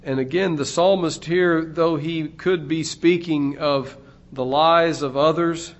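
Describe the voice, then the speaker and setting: A man preaching a sermon in a slow, deliberate way, his voice swelling louder on key phrases. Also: fairly high pitch, steady tone. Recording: dull lo-fi recording.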